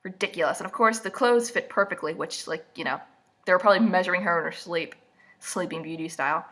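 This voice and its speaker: A woman's voice: on the low side, quick pace, a bit bright. A young woman vlogger giving a casual, sarcastic recap, a little stuffy from allergies, seated indoors at her camera. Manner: sarcastic, mocking asides.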